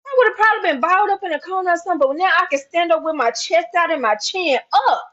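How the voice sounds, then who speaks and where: A woman with a high-pitched voice pours out her testimony with a preacher's fervor. She repeats key lines for emphasis and moves between low, hushed stretches and loud, soaring ones. The recording is dull and lo-fi. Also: animated, fast. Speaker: mother speaking out on her own channel. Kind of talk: impassioned spoken testimony.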